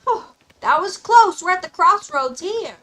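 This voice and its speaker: Giggly high-voiced woman streamer. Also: lively intonation, unhurried, a bit bright, faint music behind, poor audio. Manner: playful, giggly, rambling, mock-old-fashioned asides. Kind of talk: casual gameplay commentary.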